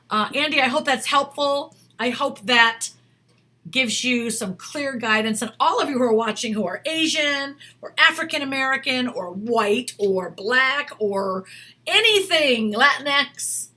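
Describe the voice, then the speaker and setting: A woman's voice: fairly high pitch, sharp tone. A woman acting coach giving chatty, emphatic career advice straight to camera, repeating her points. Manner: chatty and emphatic, with many restarts and repetitions. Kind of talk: casual advice video.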